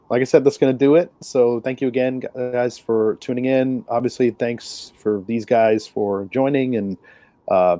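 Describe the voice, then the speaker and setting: A man hosting a casual podcast in an easygoing, joking way. His voice is mellow and dark, recorded dry and close. He sits in the middle of the male pitch range. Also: dry recording. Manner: easygoing, wraps up the show with plugs and jokes. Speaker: podcast host.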